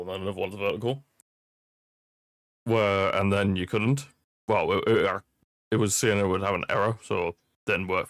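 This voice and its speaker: A young man hosts a football watchalong stream, rambling, chuckling often, and chatting with viewers over a streaming microphone. His voice is lowish, and the casual live-stream talk has studio quality with no echo.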